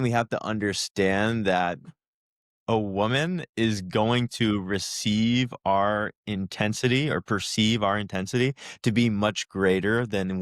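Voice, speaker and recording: A man's voice: on the low side, fairly bright tone, dry recording, clean studio sound. A man co-hosting a podcast, talking in an earnest, reflective way and laughing at himself. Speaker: podcast co-host. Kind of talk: casual podcast conversation.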